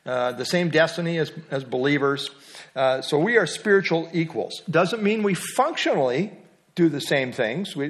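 A middle-aged man teaching a Bible study lesson. He talks conversationally, asks the class questions and adds small jokes. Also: on the high side.

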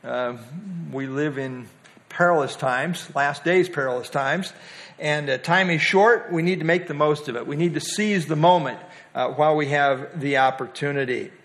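A man's voice: a little high, moderate pace, a bit bright. A man leading a Bible study, teaching in a conversational way with many fillers and questions to the group.

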